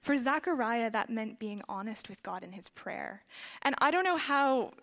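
A woman preaching a sermon in a conversational, reflective way, with soft trailing phrases and frequent fillers. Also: fairly high pitch, expressive, normal speed. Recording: long reverb of a large hall.

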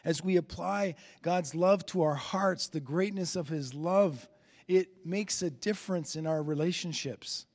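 Male pastor, slightly high voice, earnest sermon delivery, long hall reverb. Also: measured pace. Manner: earnest preaching, rises on key phrases, drops to soft endings.

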